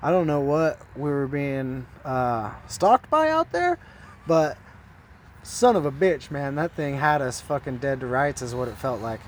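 A man, a podcast guest, telling a story in a casual, animated way, full of swearing and rambling asides. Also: medium pitch, a little slow, a little hiss or hum.

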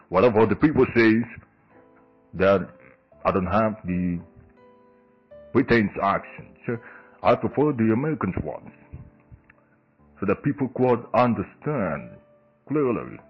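Lower-pitched man, solo podcast host, halting delivery full of fillers and restarts. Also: dull audio. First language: Indonesian.

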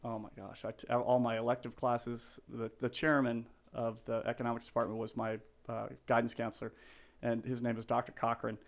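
A man's voice: medium pitch, completely flat delivery, fairly quick. Earnest, sentimental middle-aged man. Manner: earnest, openly sentimental, rambling with many restarts. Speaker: real estate agent, guest. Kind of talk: casual podcast interview.

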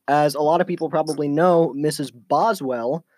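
A man's voice: on the high side, normal speed, darkish tone, no echo. A young man telling a long, rambling childhood story among friends, with lots of fillers and restarts. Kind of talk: casual chat among friends.

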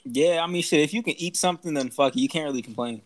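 A man's voice: on the high side, quick pace, a little hiss or hum. A young man in casual chat, joking and swearing with friends. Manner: profane, joking.

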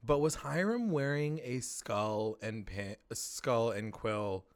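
A man's voice: medium pitch, takes it slowly. A man co-hosting a casual TV recap chat, swearing freely and acting out characters' lines. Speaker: podcast co-host.

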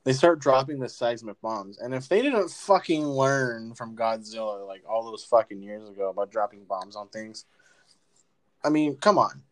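A man's voice: medium pitch, normal speed. A young man talks through a film with a friend, swearing freely and acting out the characters' reactions as he goes. His voice sits in a middle male range, and he rambles loosely, restarting his sentences. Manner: profane, rambling, animated retelling. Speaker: podcast co-host. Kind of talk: casual movie-review chat.

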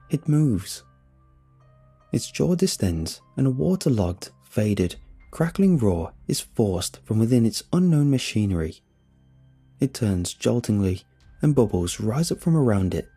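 A man narrates a horror story in a low, dark, slightly husky voice. His pitch moves with lively drama, and faint music plays behind him. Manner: dramatic, tense.

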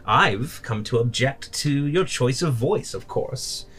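A man voicing a sly, pushy old witch with a shrill voice in a tabletop game. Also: lively intonation, slow, fairly bright tone. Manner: wheedling, falsely apologetic.

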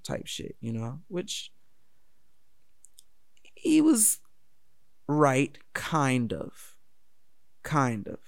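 A man's voice: medium pitch, sing-song, a little slow, creaky, dry recording, studio quality. A man telling a personal story in a casual, candid, profane way. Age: adult.

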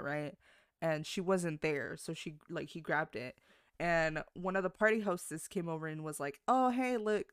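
A podcast co-host with a smooth, clear, mid-pitched voice tells a workplace story in loose, rambling fashion. The talk is full of fillers and restarts and drops in a casual swear now and then. The sound is close and dry, with no room echo. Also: fairly bright tone. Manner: rambling, many fillers and self-corrections.

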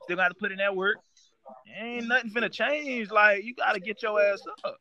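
High bright-voiced dude, loud teasing banter. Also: male voice, moderate pace, lo-fi sound. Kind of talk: casual chat.

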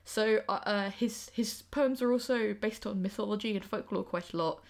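A woman's voice: medium pitch, moderate pace. Young woman reading a playful rhyming poem. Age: young adult. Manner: playful, sing-song storytelling. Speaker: podcast host.

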